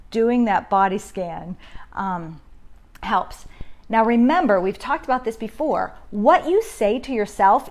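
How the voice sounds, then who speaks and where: A woman's voice: medium pitch, darkish tone. A middle-aged woman hosting a parenting live stream from home on her phone, talking conversationally and greeting viewers by name as she teaches. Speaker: parenting group host. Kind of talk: casual live-stream talk.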